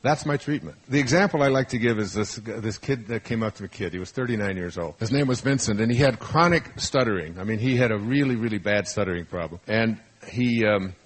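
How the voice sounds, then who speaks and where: A man's voice: on the low side, fairly quick, few pauses. An older man giving a rambling, anecdotal talk to a live audience, full of restarts as he tells stories. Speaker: motivational speaker. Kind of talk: storytelling lecture to a live audience.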